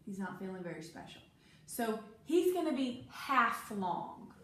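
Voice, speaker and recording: A woman's voice: medium pitch, sing-song, a little slow, fairly bright tone. A woman teaching a one-on-one phonics lesson, patient, stretching out key words for emphasis. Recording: very echoey room, faint noise.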